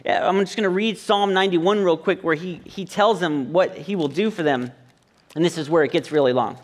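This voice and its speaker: A man's voice: on the high side, fairly quick. A man preaching a sermon in a conversational, joking way, acting out little quotes between points. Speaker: pastor. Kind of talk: sermon with humorous asides. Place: church service.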